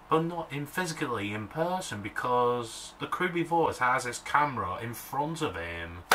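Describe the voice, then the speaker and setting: A man vlogging in a casual, rambling way, talking straight to the camera and getting worked up as he walks outdoors near trees. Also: a little high. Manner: rambling, excitable, talks to the camera. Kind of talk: casual vlog chat. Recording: loud outdoor noise behind.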